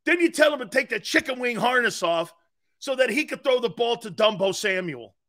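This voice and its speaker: Loud mocking sports-talk man, very high voice. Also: expressive, brisk. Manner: loud, mocking, laughing at his own jokes; shouts in bursts between quieter asides.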